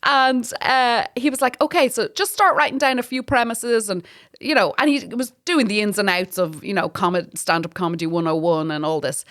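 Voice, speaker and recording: A woman with an Irish accent, a comedian guest in a casual chat, telling lively stories, swearing freely and laughing often. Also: mid-range voice, moderate pace. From Ireland.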